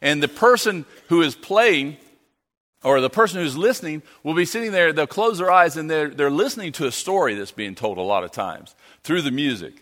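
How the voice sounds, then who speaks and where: A man's voice: a little high, expressive, moderate pace, a bit bright. A middle-aged man giving a light-hearted church mission talk as a missionary, joking with the congregation. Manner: joking, playful with the audience. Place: church sanctuary. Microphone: handheld or stand mic. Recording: echoey church hall.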